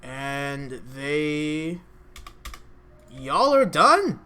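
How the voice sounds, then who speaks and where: Young male co-host, bright and a touch high, candid esports banter, casual swearing. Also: big pitch swings, smooth. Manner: candid, swears freely, fast show sign-off. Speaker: podcast co-host.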